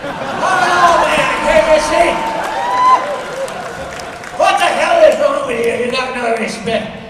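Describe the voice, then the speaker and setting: Guy putting on a grumpy old man voice, hollering at kids, slow drawl, roomy convention hall. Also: very high-pitched, over a noisy crowd, very noisy. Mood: yelling at kids. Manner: shouting, scolding. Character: cranky old man with a cane, rude and grumbling. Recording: echoey hall from far off.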